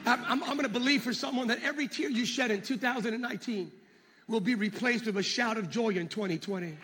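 A man preaching a sermon as pastor, swinging between shouted exhortation and hushed asides. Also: very high voice, fast talker, faint music behind.

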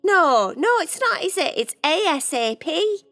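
Woman as a gushing, over-the-top cat girl for a kids' bedtime story; bright, high and bouncy. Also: sing-song, measured pace, soft background music, heavily acted. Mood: dramatic. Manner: dramatic, gushing and exaggerating. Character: dramatic, fibbing female cat who exaggerates.

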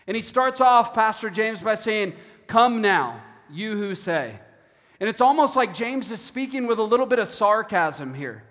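A man with a notably high voice delivers an earnest sermon, often doubling back on his words. His voice rings out in a church hall with a long reverb trailing behind. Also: animated, moderate pace, few pauses, fairly bright tone. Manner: earnest, repeats words while preaching. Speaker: pastor.

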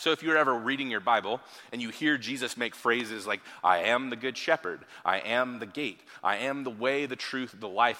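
A man's voice: mid-range voice, bright, forceful tone, big-room sound. A man preaching a sermon as pastor, in a conversational way with frequent rhetorical asides. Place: church hall.

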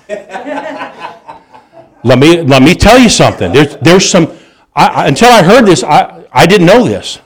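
A man preaching a sermon, telling stories with animated delivery, restarts and chuckles. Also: fairly high pitch.

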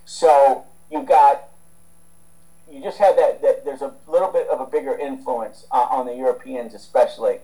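A man's voice: medium pitch, steady tone, normal speed, warm tone, low-quality recording. A man from the United States, a strength coach talking as a guest in a casual interview, rambling with many restarts and fillers.

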